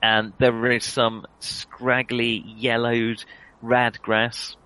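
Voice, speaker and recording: A man's voice: medium pitch, monotone, extremely slow, sharp tone, smooth, low-quality recording. A man narrating a tabletop game as game master, hesitant, with many fillers and self-corrections.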